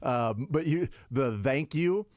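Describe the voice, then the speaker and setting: A male sports radio host talks casually in a dry, close studio sound. His delivery is animated and he tells stories with energy. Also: slow, no echo. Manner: animated storyteller, acts out quotes with big pitch jumps.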